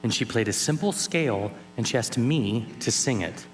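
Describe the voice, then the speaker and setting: A man giving a keynote talk at a conference, telling a personal story in an animated way and acting out scenes. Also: mid-range voice, moderate pace, faint music behind, rough recording. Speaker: keynote speaker. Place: conference hall.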